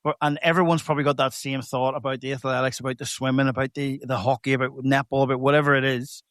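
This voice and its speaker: A man's voice: mid-range voice, level tone, quick pace, a bit bright, no room sound, clean studio sound. A man hosting a podcast, chatting with a guest in an enthusiastic, matey way. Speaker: podcast host. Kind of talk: casual interview chat.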